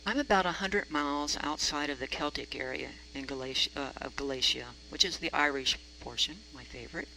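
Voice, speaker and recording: A woman's voice: low voice, fairly quick, hardly any pauses, bright, forceful tone, a little hiss or hum, poor audio. A woman reverend telling a story from the pulpit, chatty, with self-deprecating humor. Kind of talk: storytelling sermon.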